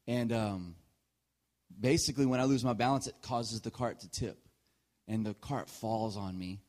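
A man in his thirties preaches with an easy, storytelling warmth of delivery, laughing through his own anecdotes. He drops to near-whispered asides, then bursts out loud for the punchline. His voice sits at an ordinary middle pitch for a man. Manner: animated storyteller, often laughing mid-sentence; swings between hushed asides and loud punchlines. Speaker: pastor. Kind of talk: sermon with personal story.

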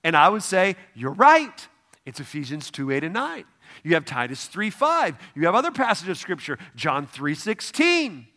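Male pastor, sermon, high voice, bright tone, talks straight to the congregation. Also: very animated, unhurried. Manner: conversational, asks the congregation questions; emphatic, repeats "no, no, no".

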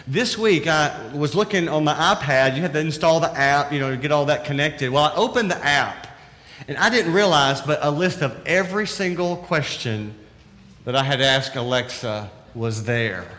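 A man's voice: on the high side, normal speed, a bit bright, big-room sound. A man with a Southern accent giving an earnest, conversational sermon that is full of rhetorical questions. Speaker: preacher.

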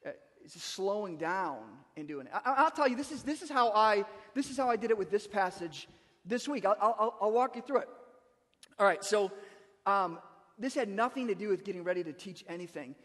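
A man's voice: sits high, expressive, a little fast, a bit bright, long reverb tail. A man preaching a sermon as pastor, talking conversationally and repeating words as he starts a thought.

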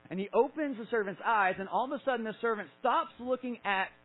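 A man's voice: very high-pitched, quick pace, a bit bright, slightly rough, soft background music, poor audio. A man in his thirties preaching a sermon, casual and conversational, acting out Bible stories with filler words. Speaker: pastor.

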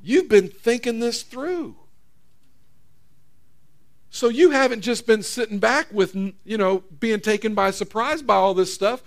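A man's voice: sits high, animated, a little slow. A male pastor giving a conversational sermon, reading Bible verses aloud and explaining them.

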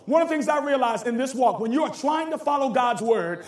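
High-voiced preacher shouting in an echoey hall. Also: male voice, fairly quick. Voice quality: animated, slangy, shouting for emphasis. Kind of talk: sermon.

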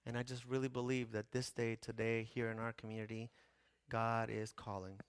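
A man preaching a sermon as pastor, impassioned, with a repetitive cadence that swings from hushed to loud. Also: mid-range voice, flat delivery, normal speed, smooth, no room sound.

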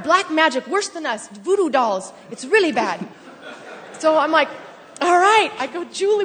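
A woman excitedly telling a testimony story in church, laughing and shouting at times. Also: high voice, slight background noise. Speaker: church member sharing a testimony. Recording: long hall reverb.

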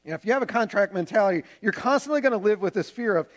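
Guy with a high voice giving a sermon, earnest, chatty, talks to the congregation like friends. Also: lively intonation, rapid-fire, few pauses. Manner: earnest, conversational preaching with homely examples. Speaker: pastor.

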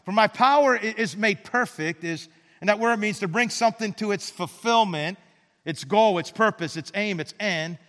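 A pastor preaching with a high voice that rings through a large, reverberant hall. He speaks earnestly, restarts with repeated words and sinks to quiet emphasis on key lines. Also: normal speed. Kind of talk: sermon.

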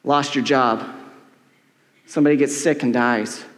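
A man's voice: mid-range voice, fairly even intonation, unhurried, a bit bright. A middle-aged man preaching a sermon as pastor, casual and joking, with many "like"s. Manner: casual, joking, heavy use of "like". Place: church hall with long reverb. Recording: echoey church hall with long reverb.

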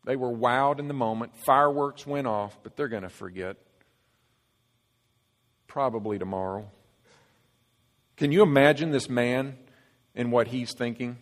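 A man preaching a sermon in a long, ringing hall reverb, his voice at an ordinary middle pitch. He delivers it earnestly, pushing some lines loud and letting others fall soft and low. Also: a little slow, long pauses. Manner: earnest, emphatic preaching with swings between loud and hushed. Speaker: pastor.

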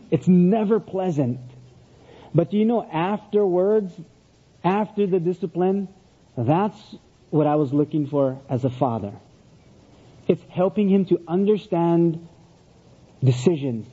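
A middle-aged male pastor with a high, husky voice and a mellow, relaxed tone. He preaches like he is telling a story, repeating key lines for weight. The recording sounds dull and lo-fi. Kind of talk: sermon.

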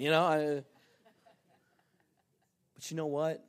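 A man preaching a sermon as pastor, telling a story with lively ups and downs and soft, earnest appeals. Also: mid-range voice, moderate pace, long pauses, a faint crowd.

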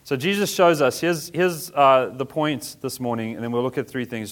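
A pastor preaching with a relaxed, conversational delivery, full of everyday slang. His voice sits at a middle pitch, neither deep nor high, and he sounds like he is chatting rather than orating. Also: moderate pace, hardly any pauses. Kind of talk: sermon.

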